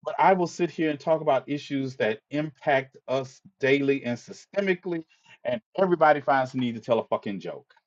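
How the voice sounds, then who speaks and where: A man's voice: mid-range voice, animated, fairly quick, highs cut off. A man hosting a live stream, ranting with exasperation, swearing, stammering and repeating himself. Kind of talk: impassioned live-stream monologue.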